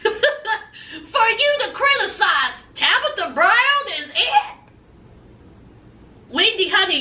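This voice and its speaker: Sassy high-voiced woman calling everyone honey. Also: bright, forceful tone, roomy sound, distant mic. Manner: sassy, drawn-out, says "honey" often. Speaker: host. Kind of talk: gossip commentary vlog.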